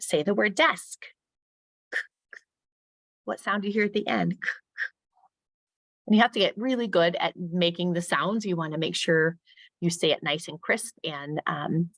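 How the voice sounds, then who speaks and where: A middle-aged woman giving a professional development talk to teachers, modeling speech sounds slowly and crisply and lifting her voice when she plays a teacher asking pupils. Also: deep voice, no room sound. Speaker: teacher trainer.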